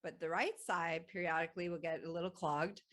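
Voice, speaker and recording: A woman hosting a podcast, telling a personal story in an animated way, laughing often and swearing freely. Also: on the low side, brisk. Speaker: podcast host.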